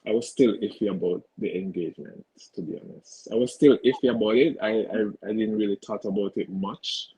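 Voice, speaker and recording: A man's voice: on the low side, a little fast, hardly any pauses, mellow, slightly rough, no room sound, low-quality recording. A man answering dating questions on a video call in brief, hesitant replies full of fillers. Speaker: guest single. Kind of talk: interview answers.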